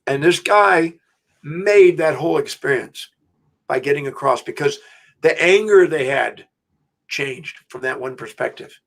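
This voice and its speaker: Middle-aged man, emphatic storyteller, slightly high voice, interview guest. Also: measured pace, vocal fry. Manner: animated, emphatic storyteller with restarts. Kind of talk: storytelling anecdote.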